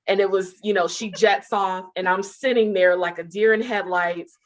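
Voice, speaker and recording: Woman, storytelling interview guest, animated, laughing, mid-pitched voice. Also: moderate pace, hardly any pauses.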